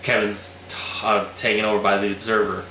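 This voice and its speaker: A young man talks through a story in a casual, rambling chat, swearing freely and slipping into little acted lines. His voice is bright and forceful. The room around him is roomy and echoey, with a faint hiss underneath. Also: lowish voice, little pitch movement, brisk. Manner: loose, rambling, swears a lot, acts out lines.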